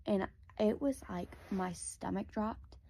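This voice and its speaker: A woman's voice: medium pitch, slow, gravelly, warm tone. A young woman telling a personal story in a casual, rambling way, full of "like" fillers, close to a phone mic.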